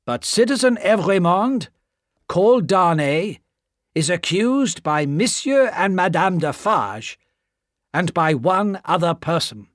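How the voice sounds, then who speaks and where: A man voicing a rough, blunt revolutionary who makes loud accusations. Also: sits high, animated, slow pace, no room sound, clean studio sound, pitched above the performer's own voice. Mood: stern.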